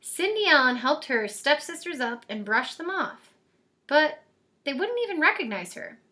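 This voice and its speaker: Woman, storybook reader, expressive, high pitch. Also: normal speed. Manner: lively, expressive reading voice. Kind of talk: storybook read-aloud.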